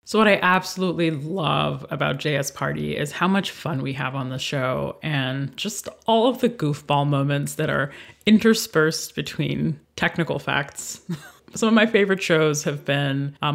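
Low-voiced bubbly woman podcaster. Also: normal speed, vocal fry, fairly bright tone. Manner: bubbly, laughs often. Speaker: podcast panelist. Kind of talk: casual podcast recap.

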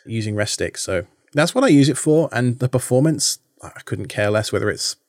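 A man's voice: mid-range voice, expressive, normal speed, dry recording, clean studio sound. A man with a British accent chatting casually as a podcast guest, self-deprecating and talkative. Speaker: guest, content creator.

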